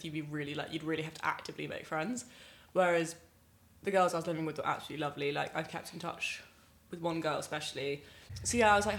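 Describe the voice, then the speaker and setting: Chatty young woman, low voice. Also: a bit bright, a little hiss or hum. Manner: chatty, many "like" fillers, laughs easily. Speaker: guest. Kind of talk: casual interview chat.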